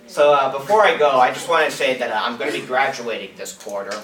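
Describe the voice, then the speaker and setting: A man's voice: medium pitch, lively intonation, fast, few pauses, fairly bright tone, slight background noise. Rambling young man at an open mic. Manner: rambling, self-mocking, laughs at own jokes. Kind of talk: stand-up comedy. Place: small room at an open mic. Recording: echoey room, mic at a distance.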